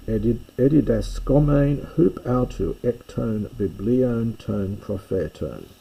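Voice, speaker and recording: A man teaches a language lesson at a deliberate, unhurried pace, working through each phrase and thinking aloud. His voice is low, gravelly and very dark, with a husky edge. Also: slight background noise, low-quality recording. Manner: slow, explanatory, thinking aloud. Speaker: Greek teacher. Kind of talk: recorded lesson walkthrough.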